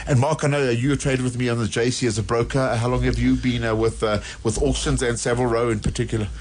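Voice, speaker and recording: A male radio host interviewing guests in a studio, firing off quick, probing questions. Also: mid-range voice, flat delivery, background noise.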